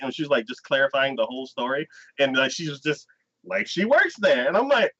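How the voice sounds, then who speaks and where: A man co-hosting a podcast, chatting casually and acting out anime scenes in lively, excited retellings full of "like.". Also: on the high side, a little fast. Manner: animated storyteller acting out scenes, frequent "like". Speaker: podcast co-host. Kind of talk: casual anime review chat. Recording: dull lo-fi podcast audio.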